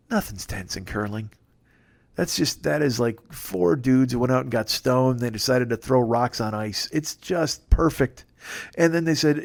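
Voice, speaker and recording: A man's voice: on the high side, vocal fry. Rambling, profane male comedian. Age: 40s. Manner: rambling, profane, laughs at his own jokes. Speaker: comedian host. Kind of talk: solo comedy monologue.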